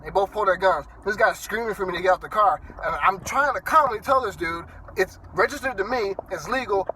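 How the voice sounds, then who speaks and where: A man's voice: high-pitched, a bit bright, slight background noise, poor audio. A man telling an angry story to his phone camera from inside his car while driving, profane and stammering through restarts. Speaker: vlogger.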